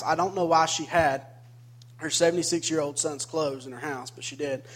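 Male pastor, fairly high voice, storytelling sermon, humorous asides, builds to emphatic preaching. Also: moderate pace. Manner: storytelling with joking asides, growing more emphatic. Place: church sanctuary.

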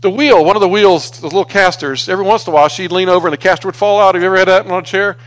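A man's voice: high-pitched, racing. A man preaching in a conversational storytelling way, often restarting his sentences. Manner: conversational, restarts often, grows animated when exasperated. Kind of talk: storytelling sermon.

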